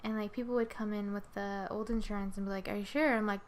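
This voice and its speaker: A woman hosts a podcast in loose, casual chat. She rambles through her stories, swears freely and acts out what people said to her. Her voice sits at an ordinary middle pitch. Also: little pitch movement, fast, noisy background. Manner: rambling, profane storytelling with acted-out quotes. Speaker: podcast host.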